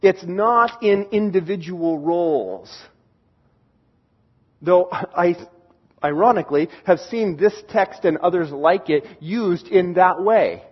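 A man's voice: high-pitched, husky, highs cut off. A man preaching a sermon, explaining a scripture passage and reading verses aloud while stressing key words.

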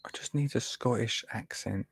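A man's voice: mid-range voice, normal speed, creaky, slightly rough, no echo. Man, gardening presenter, chatty, laughs a lot, wanders off topic, dry sound. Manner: chatty, laughs often, easily sidetracked. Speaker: gardening presenter on a live stream. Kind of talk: casual live chat.

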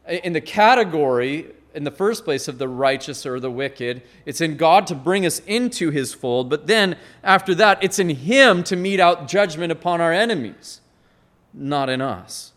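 Delivering an earnest, expository sermon, a man with a somewhat high, slightly bright voice builds to emphatic peaks, frequently restarting and repeating his words.

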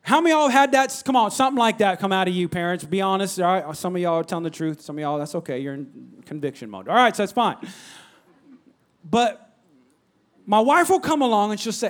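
A man preaching a sermon, animated, swinging from loud calls to soft near-whispers and prompting the congregation. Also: sits high, fairly quick. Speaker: pastor.

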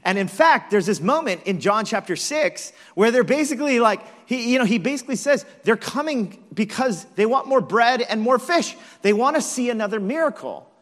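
A man preaching a conversational sermon as a pastor, telling it with animated, self-deprecating asides. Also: fairly high pitch. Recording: long reverb of a large hall.

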